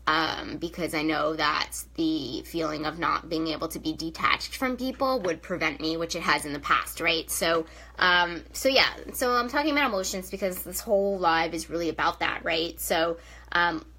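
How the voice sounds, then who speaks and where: A woman's voice: on the low side, sharp tone, poor audio. A young woman, a spiritual coach, talking casually to viewers on a live stream, with many fillers and "right?" tags.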